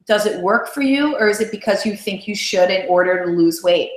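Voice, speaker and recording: A woman's voice: medium pitch, brisk. Chatty woman coaching in an echoey room. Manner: chatty, encouraging, keeps asking "right?". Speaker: weight-loss coach. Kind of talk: motivational live coaching call. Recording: roomy echo.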